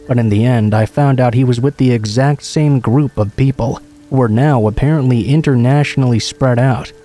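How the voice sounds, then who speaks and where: A man reads scary stories in a calm, even narrator's voice. His tone is dark and mellow, and a steady patter of rain runs behind him. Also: medium pitch. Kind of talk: scripted horror story narration.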